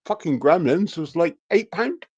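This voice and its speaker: A somewhat high-voiced man tells swear-laden stories in a loose podcast chat. He acts out his family's voices as he goes. He sounds like he is in his forties. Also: normal speed, husky, lo-fi sound. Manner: profane storyteller, animated quoting of family. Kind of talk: casual chat.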